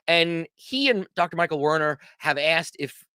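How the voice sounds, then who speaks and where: Male host, casual livestream chat, rambling and self-deprecating, bright forceful tone, dry close sound. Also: fairly high pitch, animated, normal speed, clean tone, no echo.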